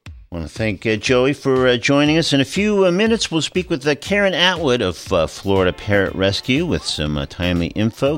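Male radio host, relaxed and halting, faint music underneath. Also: mid-range voice, smooth. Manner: relaxed, halting with many fillers. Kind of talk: radio interview.

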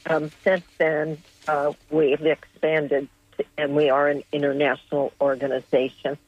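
A woman, an animal welfare activist, speaking as a radio guest in a measured way, with pauses and fillers. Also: low voice, level tone, darkish tone, no echo. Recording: dry, dull lo-fi line.

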